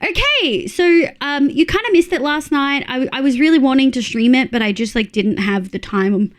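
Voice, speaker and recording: A woman's voice: high voice, lively intonation, normal speed. An Australian woman chatting on a live stream, giggly and talkative as she reads her chat aloud.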